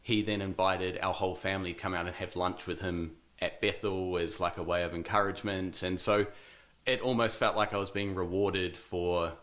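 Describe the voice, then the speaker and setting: Low-voiced New Zealand man. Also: little pitch movement, normal speed, fairly bright tone. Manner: hesitant, many ums and restarts, laughs easily. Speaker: interview guest. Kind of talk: casual interview.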